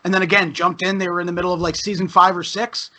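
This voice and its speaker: A man's voice: high voice, level tone, fast, pushed and bright. A man, a podcast guest chatting casually, rambling and swearing freely after a few beers. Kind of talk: casual chat.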